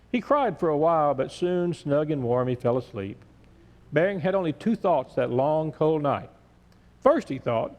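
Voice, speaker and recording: Male pastor, storytelling sermon, gentle, measured, slightly high voice, long church reverb. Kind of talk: reading a story aloud in a sermon. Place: large church sanctuary. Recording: echoey church sanctuary.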